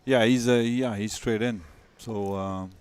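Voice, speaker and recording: A man giving relaxed, chatty live commentary on a pool match, chuckling often. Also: lowish voice, a little slow, a little hiss or hum.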